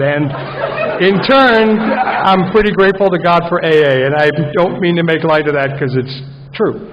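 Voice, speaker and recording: Brief: high-voiced male conference speaker, wry and rambling, dull recording in a big echoing hall. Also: lively intonation, moderate pace, noisy background. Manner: self-mocking, rambling, comic asides. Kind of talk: conference talk. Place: large conference hall with an audience.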